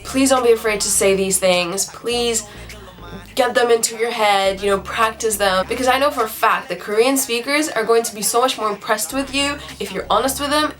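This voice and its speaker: A young woman giving a casual online language lesson, chatty and upbeat, repeating each phrase slowly for learners. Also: a little high, fairly bright tone. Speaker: language tutor. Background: faint background music.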